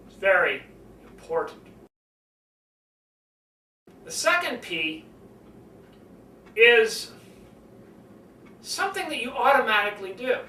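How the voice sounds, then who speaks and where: An older man coaching public speaking, lively and animated, swinging his voice up and down to demonstrate. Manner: animated, demonstrates pitch swings, acts out conversations. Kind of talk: speaking lesson to camera. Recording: roomy, from a distance, faint noise.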